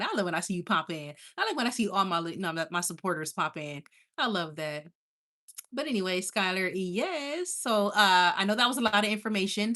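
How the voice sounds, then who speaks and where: Woman, livestream host, casual chat, affectionate, giggly, medium pitch. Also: sharp tone. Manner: chatty and affectionate, laughs often.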